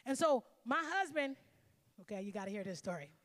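A woman's voice: fairly high pitch, sing-song, brisk, long reverb tail. A woman pastor preaching a sermon, emphatic and calling out to her congregation for responses.

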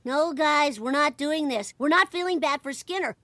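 A woman's voice: sits high, moderate pace, a bit bright, slight background noise. A woman voicing a bratty ten-year-old cartoon schoolboy, bossy and exasperated, in a cartoon show.

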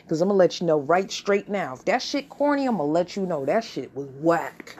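A woman hosting her own podcast, delivering a blunt, profane, animated solo rant. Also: on the low side, moderate pace, few pauses, slightly rough. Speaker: podcast host.

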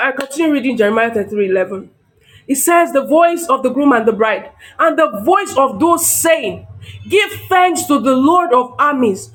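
A man preaching a sermon with impassioned fervor, building to shouted praise and prayer in tongues. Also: extremely high pitch.

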